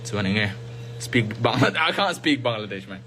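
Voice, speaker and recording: A man's voice: medium pitch, lively intonation, normal speed, bright, forceful tone, rough recording. A man from Mizoram, a singer, chatting casually and playfully as he tries out bits of many languages. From Mizoram, India. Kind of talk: casual chat answering questions.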